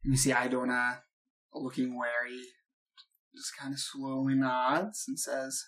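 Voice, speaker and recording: A man's voice: mid-range voice, flat delivery, a little slow, fairly bright tone. A man narrating a tabletop game as game master, describing scenes loosely with many fillers.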